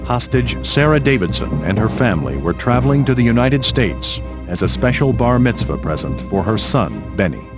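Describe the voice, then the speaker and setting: A man reading scripted documentary narration in a grave, measured way. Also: mid-range voice, big pitch swings, over loud music.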